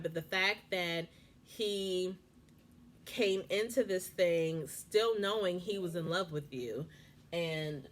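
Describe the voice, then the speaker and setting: A woman at home giving a casual, animated reality show recap, acting out quotes with exasperated asides. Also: on the low side, a little hiss or hum. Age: young adult or 30s. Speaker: recap vlogger.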